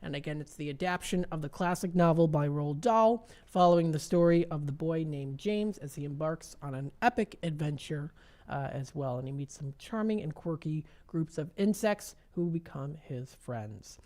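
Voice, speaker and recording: A woman's voice: sits low, lively intonation, normal speed, a little mellow. A woman with a Midwestern American accent hosting a radio shopping show, reading menu items and deals aloud with lots of fillers in a casual way. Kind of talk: casual radio sales chat.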